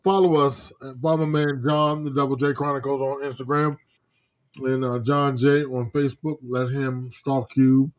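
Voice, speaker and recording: A man's voice: mid-range voice, level tone, normal speed. Brash, joking man plugging the shows. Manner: brash, joking, swears freely. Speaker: co-host of a live talk show. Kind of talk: casual chat and show promos.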